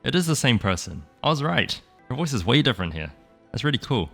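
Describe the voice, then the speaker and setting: A young man with a slightly hoarse, croaky voice, casually commenting on his gameplay with rambling asides and playful swearing. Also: mid-range voice, very animated, quick pace, fairly bright tone, soft background music. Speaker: gaming YouTuber.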